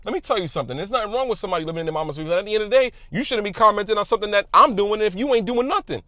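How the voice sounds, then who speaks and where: A man giving a passionate motivational talk to his viewers, loud and emphatic, repeating phrases for weight. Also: high-pitched, lively intonation, rapid-fire, no echo, clean studio sound. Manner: loud at times. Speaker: YouTube creator.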